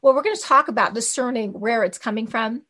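A woman delivers an informal church teaching, her voice sitting a little high. She talks in a lively, conversational way, dropping fillers and acting out little quotes. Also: a little fast. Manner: animated, conversational, with many fillers and quoted asides. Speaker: Christian teacher on hearing God.

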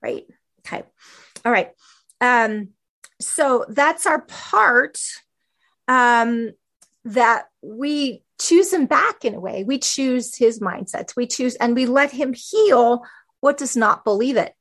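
Animated woman teaching scripture. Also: fairly high pitch. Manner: animated and conversational, with fillers and quick asides. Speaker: Bible teacher. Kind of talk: teaching talk on a podcast.

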